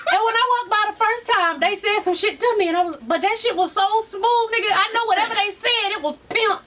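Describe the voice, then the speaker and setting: A woman's voice: very high voice, fairly quick, pushed and bright, far from the mic. A woman casually telling a travel story, laughing often, acting out voices and swearing freely.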